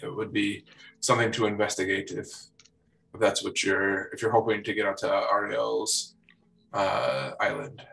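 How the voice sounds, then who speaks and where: A man running a tabletop game as game master, talking in a slow, halting way with many fillers. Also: on the low side, flat delivery, creaky, a bit bright, far from the mic, rough recording.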